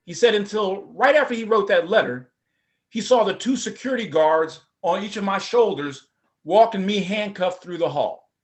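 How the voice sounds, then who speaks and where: A middle-aged man, a former prosecutor, telling his personal story at a forum in a lively, conversational way. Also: high-pitched, moderate pace. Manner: animated, conversational, acts out voices.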